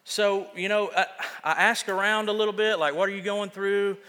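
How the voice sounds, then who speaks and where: A man's voice: high voice, fairly even intonation, normal speed, bright, forceful tone, clean tone, in a large hall. A man preaching a sermon as pastor, casual and self-deprecating, often restarting his sentences.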